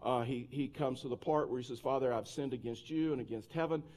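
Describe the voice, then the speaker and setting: A man's voice: mid-range voice, fairly quick, darkish tone. A male pastor preaching a sermon in a conversational style, with frequent restarts.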